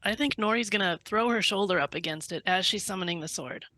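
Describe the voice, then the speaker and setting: A woman's voice: mid-range voice, fast, sharp tone, no room sound. A woman playing a tabletop game, eagerly describing her character's action. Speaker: player. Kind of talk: casual play at a tabletop game.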